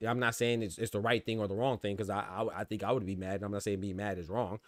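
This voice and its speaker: A man's voice: on the low side, fairly even intonation, fast, dry recording, studio quality. A man hosting a boxing podcast, talking in a loose casual way and often saying "bro" and "you know what I'm saying". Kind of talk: casual chat reacting to live chat.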